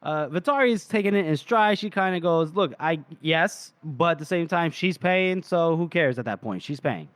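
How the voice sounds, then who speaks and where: A man's voice: fairly high pitch, lively intonation, moderate pace, few pauses, fairly bright tone, no room sound. A man co-hosting a podcast, retelling a novel's scenes in casual chat, acting out the characters' lines and laughing often. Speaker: podcast co-host.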